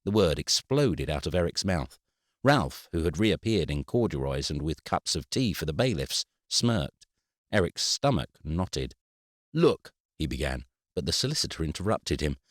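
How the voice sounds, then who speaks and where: Male audiobook reader, very deep, lively wry delivery, dry close sound. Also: moderate pace, no room sound. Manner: wry, expressive storytelling. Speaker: audiobook narrator. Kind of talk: scripted narration.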